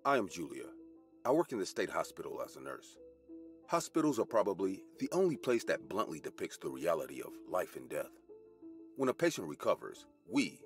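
A man giving dramatic, first-person scripted horror narration. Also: low voice.

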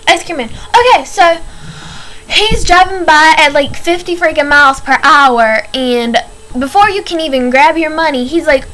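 Chatty teenage girl, high voice. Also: a bit bright, rough recording. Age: teens. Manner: chatty, filler-heavy, exasperated. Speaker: vlogger. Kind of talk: casual ranting vlog.

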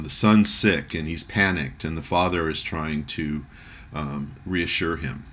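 A man giving a music lecture, talking in a halting way with many fillers and restarts as he reads and translates a German poem. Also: sits low, a bit bright. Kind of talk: recorded lecture.

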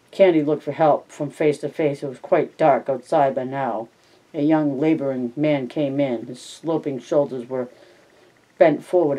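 A man reads a novel aloud at an unhurried pace, now and then catching and fixing a word. His voice is dark and mellow, in a plain home-reading style. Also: medium pitch, recorded from a distance, rough recording. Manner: unhurried, with small self-corrections. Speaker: reader.

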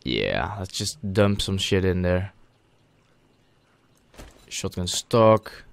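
A man hosting a gaming channel, giving let's play commentary as he talks to himself and bursts into loud, excited shouts. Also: deep voice, drawn-out words, vocal fry.

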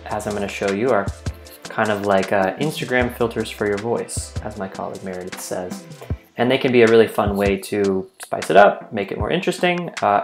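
A man teaching a software tutorial in a studio, explaining in a relaxed, friendly way with small fillers. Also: on the low side. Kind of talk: tutorial demonstration. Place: recording studio. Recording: echoey room with faint music.

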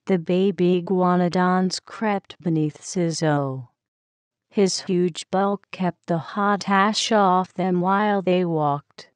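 Woman narrating a kids' storybook, very slow and smooth, dry close sound. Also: lowish voice, fairly even intonation, dry recording. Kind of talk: children's story reading.

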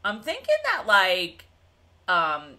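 A woman's voice: medium pitch, wildly swooping pitch, slow pace, sharp tone. A woman co-hosting a show, chatting casually and recapping an episode with lots of fillers and asides. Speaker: podcast co-host.

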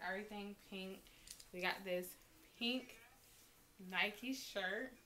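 Bright-voiced woman chatting through a haul. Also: medium pitch, slow pace. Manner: chatty and excitable, talks straight to viewers. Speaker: vlogger. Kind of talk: casual unboxing haul vlog.

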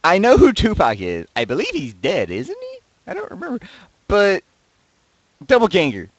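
A man casually reading and joking about viewer posts, laughing often and swinging between loud outbursts and mumbles, close to his desk mic. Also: high voice, huge pitch swings, normal speed, no echo, dull audio. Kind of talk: casual commentary. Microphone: desk mic right beside him.

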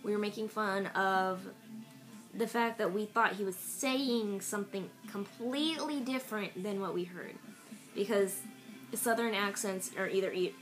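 Filming a haul video on her iPad camera, a young vlogger talks in a casual, rambling, offhand way with plenty of fillers. She has a mid-range voice, the audio is rough, and a radio plays faint music behind her.

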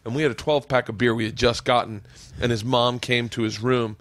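A man's voice: medium pitch, little pitch movement, a little fast, fairly bright tone, no echo. A man hosting a casual podcast, telling rambling stories full of swearing. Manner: profane, rambling storyteller. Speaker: podcast host.

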